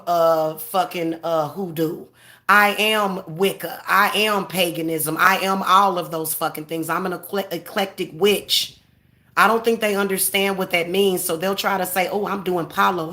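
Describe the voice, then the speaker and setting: A woman in her forties, with a fairly low, bright voice and a forceful tone, rants straight to camera. Her monologue is profane, confrontational and boastful, delivered in a defiant manner.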